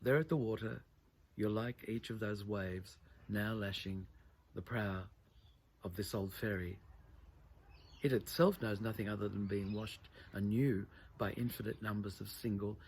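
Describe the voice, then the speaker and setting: Gravelly low-voiced man reading prose. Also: steady tone, darkish tone, slight background noise. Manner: measured, reflective reading. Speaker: author reading his own text. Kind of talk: literary reading.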